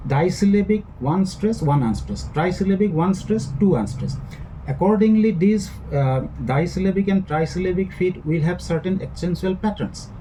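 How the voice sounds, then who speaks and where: Male teacher lecturing in a mellow voice. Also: high voice, a little hiss or hum, poor audio. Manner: explains slowly with many fillers and restarts. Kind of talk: recorded lecture.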